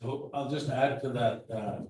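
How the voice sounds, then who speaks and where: A man adding measured remarks to a language lesson in a classroom. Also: medium pitch, steady tone, darkish tone. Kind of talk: classroom explanation. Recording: very echoey room, far from the mic.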